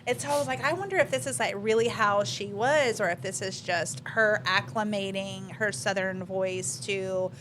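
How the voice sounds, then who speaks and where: A woman's voice: medium pitch, normal speed, hardly any pauses, background noise. Chatty young-sounding woman co-host. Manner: chatty, lots of "like". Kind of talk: casual interview chat.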